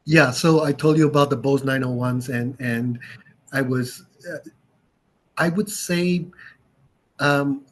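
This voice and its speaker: A man from Canada, a guest on a podcast, calmly recalling how he first got into audio equipment. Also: mid-range voice, slow pace, pauses often. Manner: reflective, thoughtful explanations. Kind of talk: casual interview chat.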